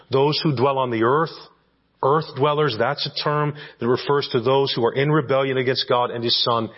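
A man's voice: medium pitch, husky, lo-fi sound. A man preaching an expository sermon as pastor, teaching verse by verse and checking in with his listeners with rhetorical questions.

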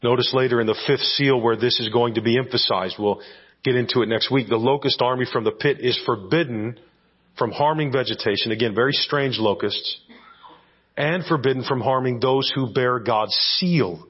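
A man's voice: mid-range voice, moderate pace, breathy edge, muffled recording. A man preaching an expository sermon as pastor, teaching verse by verse and checking in with his listeners with rhetorical questions.

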